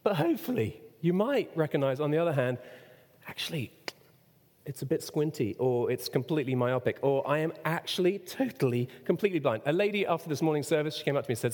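Preacher with a lively, ringing voice in a hall. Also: male voice, a little high, fast. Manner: expressive preaching, rhetorical questions, sudden shouts. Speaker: pastor. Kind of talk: sermon. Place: church. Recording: long reverb of a church hall.

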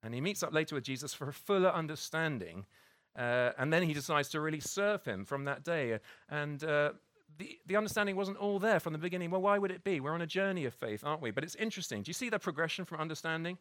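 A man's voice: a little high, expressive, fast, a bit bright, dry recording, studio quality. A man preaching a conversational sermon, full of restarts and tag questions like "isn't it?". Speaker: pastor.

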